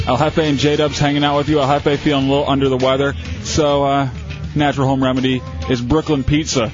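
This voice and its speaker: A man's voice: mid-range voice, level tone, a little fast, over music. A man hosting a radio call-in show, probing with hesitant restarts from a studio mic. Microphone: studio microphone. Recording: dull radio broadcast sound.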